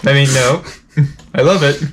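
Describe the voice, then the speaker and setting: A man's voice: medium pitch, a little slow. A young man co-hosting a reaction video in casual joking chat, playful and sarcastic, laughing often.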